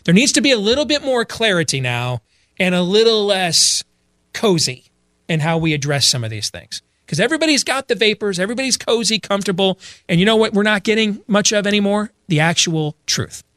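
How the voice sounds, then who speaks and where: A middle-aged man delivering opinionated religious commentary, blunt and emphatic, who often restarts and repeats himself. His voice sits a bit high for a man. The sound is dry and close. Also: sing-song, fairly quick, fairly bright tone, no echo. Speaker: speaker addressing an audience.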